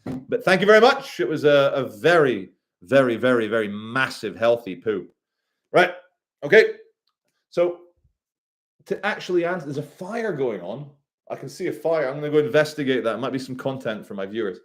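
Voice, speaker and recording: A man on a casual livestream reading chat aloud, rambling and swearing with quick asides. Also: medium pitch, very animated.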